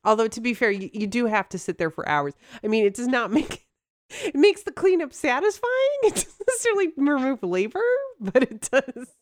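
A woman's voice: fairly high pitch, sing-song, moderate pace, no echo, clean studio sound. A woman co-hosting a podcast in casual chat, bubbly and rambling, laughing often as she talks. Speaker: podcast co-host.

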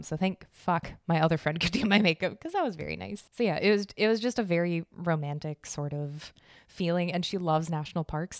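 Young woman, podcast host, casual chat, swears a lot, smooth voice, dry close sound. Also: on the low side, no echo. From Arizona. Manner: chatty, swears freely, laughs often. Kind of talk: casual life-update chat.

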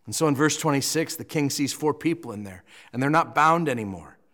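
A male pastor preaching a sermon, animated and joking as he retells a scripture story, with frequent restarts. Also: a little high, a little fast.

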